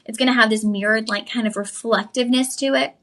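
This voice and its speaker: Upbeat shopping host, woman, slightly high voice, chatty live pitch. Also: steady tone, fast talker, a bit bright. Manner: upbeat, chatty, says "y'all".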